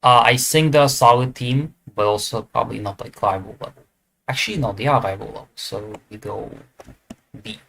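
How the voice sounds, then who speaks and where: Man, casual tier-list commentator, mid-pitched, thinks out loud, hesitant, corrects himself often. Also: a little fast, creaky, a little hiss or hum. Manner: thinking aloud, hesitant with fillers and self-corrections. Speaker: esports tier list creator. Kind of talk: casual commentary while ranking.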